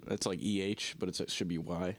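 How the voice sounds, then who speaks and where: A young man with a Northeastern US accent, co-hosting a casual podcast chat and rambling in halting sentences full of restarts. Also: low voice, steady tone. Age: young adult. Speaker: podcast co-host.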